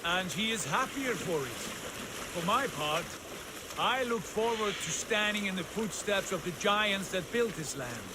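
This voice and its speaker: A proud Viking jarl. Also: male voice, high voice, animated, unhurried, very noisy. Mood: solemn. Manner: solemn, declaiming. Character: proud male Viking jarl, commanding leader. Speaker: jarl leading a war band. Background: game music.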